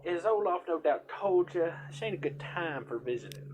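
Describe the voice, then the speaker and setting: A man voicing an old female village healer with a put-on Southern accent, drawling in a high, exaggerated granny voice for a horror game. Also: animated, normal speed, background noise, close to an everyday voice. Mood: welcoming.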